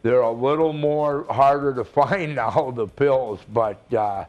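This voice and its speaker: A man's voice: medium pitch, unhurried, darkish tone, muffled recording, faint music behind. An older man, a retired wrestler, telling rambling stories with laughs and restarts in a casual interview.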